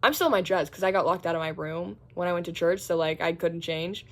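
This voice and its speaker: A woman's voice: lowish voice, fast talker. A young woman, a college student, chatting casually about her day in a vlog, filling her talk with "like" and acting out what people said. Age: young adult. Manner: chatty, heavy use of "like"; acts out quotes in squeals and groans.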